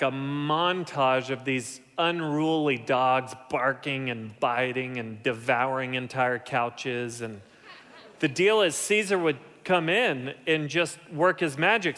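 A man delivering a sermon in an animated way, easing down into quiet, low lines when he wants a point to land. His voice sits a touch high for a man, and a long reverb trails after his words, as if from a large sanctuary. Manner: animated preaching, drops to soft low tones for emphasis. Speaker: pastor.

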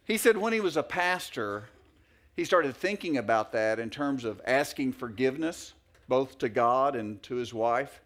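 A man's voice: medium pitch, expressive, moderate pace, a bit bright. A middle-aged male pastor preaching a sermon in a folksy, anecdotal way with many fillers and restarts.

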